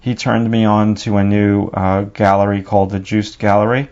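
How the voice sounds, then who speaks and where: A lower-voiced man with a New York accent talks through a drawing lesson as he works. His delivery is loose and conversational, full of asides. The recording sounds slightly dull and lo-fi. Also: flat delivery, moderate pace, darkish tone. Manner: casual, thinking aloud while working. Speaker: drawing teacher. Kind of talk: narrated drawing tutorial.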